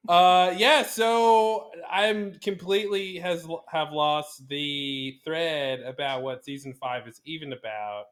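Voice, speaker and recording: A man's voice: fairly high pitch, a bit bright. A man co-hosting a podcast in casual chat, joking around with puns and poking fun at himself. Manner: jokey, punning, quick to self-mock. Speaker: podcast co-host.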